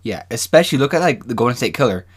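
A man's voice: medium pitch, lively intonation, racing, breathy edge. A man co-hosting a casual true-crime podcast, who reads out case facts and cracks jokes between them. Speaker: podcast co-host.

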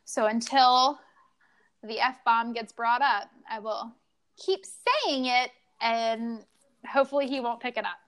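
A young woman with a fairly high voice chats casually as a podcast co-host. She tells stories in an animated way and plays out the back-and-forth as she goes. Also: slow, clear, resonant tone. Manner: animated storytelling, acts out dialogue. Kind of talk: casual chat.

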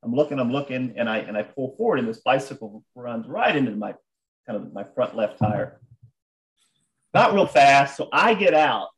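An American man spins a long anecdote in casual conversation, his voice rising and falling in a very lively way. He trips over his words and restarts, piling on details, and sits at a middle pitch for a man. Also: normal speed, low-quality recording. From United States. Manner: animated storyteller with frequent restarts. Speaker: guest businessman.

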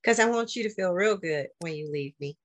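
A woman's voice: lowish voice, lively intonation, brisk, no room sound. A woman co-hosting a podcast, talking candidly and animatedly in casual conversation, with slangy, emphatic asides. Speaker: podcast co-host.

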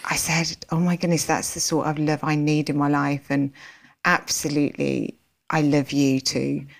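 A woman with a notably low voice tells her own story as an interview guest. She is animated and slips into the voices of remembered conversations as she goes. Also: normal speed, creaky. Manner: animated, acts out remembered dialogue.

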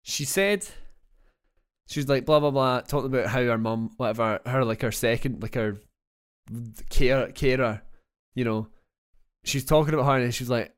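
A man's voice: mid-range voice, normal speed, clean tone. A young Scottish man co-hosting a podcast, chatting casually about a film in a rambling, joking way full of fillers. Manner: rambling, jokey, lots of fillers. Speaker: podcast co-host.

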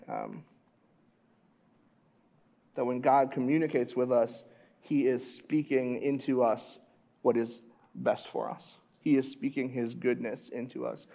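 A man in his thirties preaching a conversational sermon as a pastor, dropping to a hush and then rising loud and animated. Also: mid-range voice.

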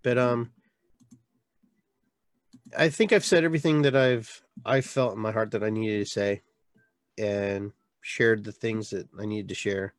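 A man hosting a live show as a shaman, talking in a heartfelt, rambling way with many restarts, jumping from loud bursts down to quiet trailing words. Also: on the low side, fairly even intonation, measured pace, pauses often, no room sound. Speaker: podcast host and shaman. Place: local area with a reservoir, addressing live viewers.

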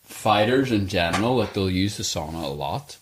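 Animated man telling stories in an echoey sauna. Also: sits low, moderate pace, a little hiss or hum. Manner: animated storyteller, laughs often. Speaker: podcast host. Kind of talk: casual chat.

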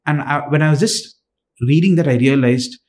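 A man preaching a sermon, earnest and halting, with frequent fillers and restarts. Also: fairly high pitch, a little mellow.

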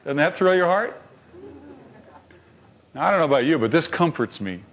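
A male pastor delivering a sermon in a high, lively voice that climbs on emphatic lines and drops low for quiet asides. He talks in a storytelling way and keeps putting rhetorical questions to his listeners. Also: normal speed, dull audio.

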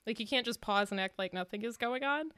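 A woman's voice: a little high, quick pace, fairly bright tone, no room sound, clean studio sound. A young woman co-hosting a casual rewatch podcast, chatty and emotional, laughing often and filling with "like". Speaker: podcast co-host.

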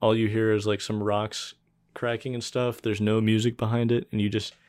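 A man co-hosting a casual podcast, recapping a film in a laid-back, even-toned way. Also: on the low side, normal speed, no room sound. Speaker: podcast co-host.

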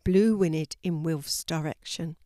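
An older woman narrating a children's story in a slow, gentle storybook manner. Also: sits low, no echo, studio quality.

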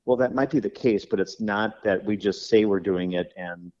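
A man's voice: lowish voice, normal speed, a little mellow, highs cut off. A man who runs a funeral home, talking on a podcast and rambling through stories while he acts out the dialogue. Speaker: funeral director. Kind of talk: podcast conversation.

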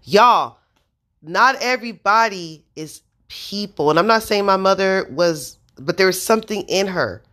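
A woman's voice: mid-range voice, expressive, a little slow, fairly bright tone. A woman in her thirties telling a personal story to viewers, intense and earnest, swearing freely and speaking straight to her audience. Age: 30s. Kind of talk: casual spoken storytelling.

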